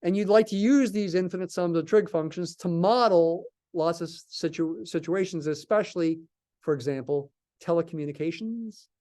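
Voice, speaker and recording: A man's voice: on the high side, mellow. A man teaching a live calculus class, thinking aloud and asking and answering his own questions as he goes. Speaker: math lecturer.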